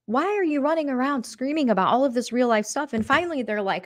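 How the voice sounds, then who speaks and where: A woman's voice: high voice, lively intonation, fast, hardly any pauses, no echo. Woman, heated commentary, emphatic, repeats herself, dry close sound. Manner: heated, emphatic, repeats words when worked up. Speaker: online commentator. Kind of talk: casual commentary.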